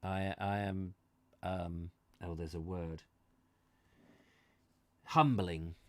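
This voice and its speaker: A man in his fifties chatting live to his viewers, halting and rambling as he searches for words, earnest and heartfelt. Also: deep voice, little pitch movement, a little mellow, dry recording. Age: 50s. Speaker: host of a live reading channel. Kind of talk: casual live chat to viewers. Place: his own studio.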